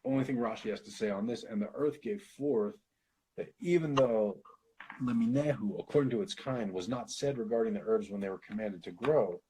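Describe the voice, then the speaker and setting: American guy running a casual bible study, lowish voice, reads a verse then riffs on it, a bit of hiss behind. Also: normal speed, dark tone, rough recording. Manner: thinks aloud, swears, laughs, reads Hebrew then explains. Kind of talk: casual study session, reading scripture aloud.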